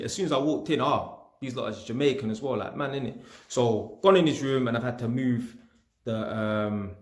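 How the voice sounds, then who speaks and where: An echoey room surrounds the medium-pitched voice of a young English man. Casual and slangy, he narrates an episode from his electrician work with animation, acting out the quoted people.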